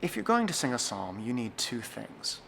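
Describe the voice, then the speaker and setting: A young man who directs church music gives an earnest, scripted tutorial in a mid-range, sing-song voice that's gravelly and a bit bright. His manner is measured, and during demonstrations he slows to a careful, deliberate reading pace. A little hiss or hum sits under the recording.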